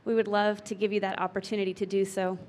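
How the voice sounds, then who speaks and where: Woman emcee, brisk and friendly, introduces speakers at a memorial. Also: medium pitch, little pitch movement, a little mellow. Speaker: event emcee. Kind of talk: announcing. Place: memorial gathering hall.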